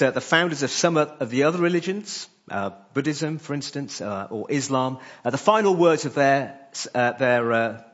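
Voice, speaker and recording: A man gives a church sermon in a husky voice at a middling pitch. He talks in short phrases broken up by frequent "uh" fillers. The sound is dull and muffled. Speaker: preacher.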